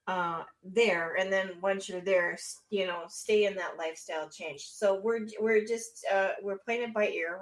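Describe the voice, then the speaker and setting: A woman co-hosts a casual radio talk show, easygoing and quick to laugh. She reads out listener questions in a mid-pitched voice. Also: fairly bright tone.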